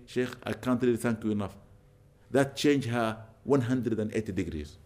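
An older man giving an Islamic lecture, telling stories earnestly with sudden bursts of loud emphasis. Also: mid-range voice. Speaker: Islamic preacher. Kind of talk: religious lecture with storytelling.

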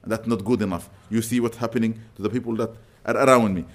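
An older man giving an Islamic lecture, telling stories earnestly with sudden bursts of loud emphasis. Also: fairly low pitch, fairly even intonation, fast talker. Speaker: Islamic preacher. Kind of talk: religious lecture with storytelling.

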